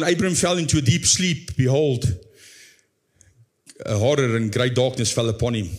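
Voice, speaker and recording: A man preaching a sermon as pastor, reading scripture aloud and acting out a pleading believer in a high, anguished voice before dropping low and slow.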